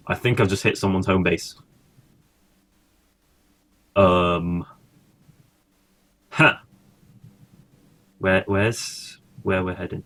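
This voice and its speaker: A man's voice: deep voice, a bit bright. A man casually commentating his own gameplay, thinking aloud and swearing now and then. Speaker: gaming streamer.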